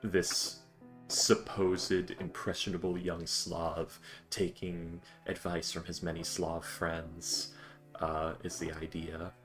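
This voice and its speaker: A man's voice: deep voice, monotone, takes it slowly, soft background music. A man playing in an online tabletop game, chatting casually and rambling through explanations between laughs. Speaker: player.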